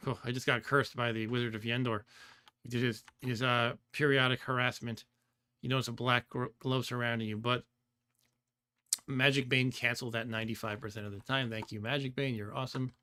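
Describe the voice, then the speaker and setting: A male streamer casually comments on his own computer game during a live stream, thinking aloud, trailing off, reading chat aloud, and laughing often. His medium-pitched voice is smooth, bright, and forceful, with a flat delivery at a fairly quick pace.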